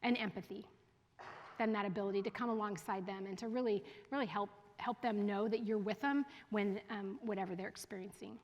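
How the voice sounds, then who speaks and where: A woman, a school division head, giving a casual, animated parenting talk to parents and often laughing and asking the audience questions. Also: medium pitch, fairly quick, dull audio. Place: school event room with an audience. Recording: long reverb from a hall.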